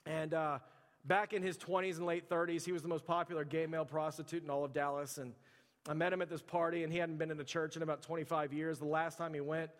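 A man's voice: fairly high pitch, flat delivery, fast, long reverb tail. A man preaching a sermon to his church in a loose, conversational storytelling way, leaning on "like" as he talks. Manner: conversational storytelling, heavy use of "like". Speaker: pastor.

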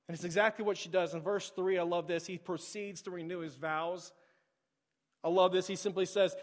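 A pastor preaching a sermon, swinging from loud, urgent delivery to hushed near-whispers. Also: male voice, high-pitched, steady tone, normal speed. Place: church sanctuary. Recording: long hall reverb.

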